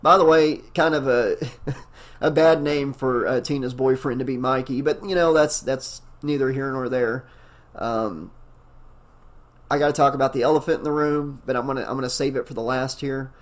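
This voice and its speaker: A male audiobook narrator with a voice that is wearing hoarse. He reads the story aloud and then slips into loose, enthusiastic talk, full of ums and asides. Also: medium pitch, fairly even intonation, normal speed. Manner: rambling, enthusiastic, many fillers. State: hoarse, losing his voice. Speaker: audiobook narrator and channel host. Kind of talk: audiobook narration and casual commentary.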